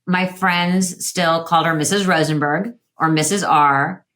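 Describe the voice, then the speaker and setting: A woman in her fifties, a guest telling candid stories with quick asides. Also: low-pitched, fairly even intonation, fairly bright tone. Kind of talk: interview conversation.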